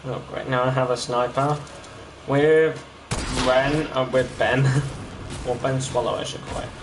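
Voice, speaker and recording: A man streaming a game, rambling and halting with many fillers as he plays. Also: medium pitch, fairly even intonation. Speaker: gaming streamer. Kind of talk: casual gameplay commentary. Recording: roomy echo with loud ambient noise.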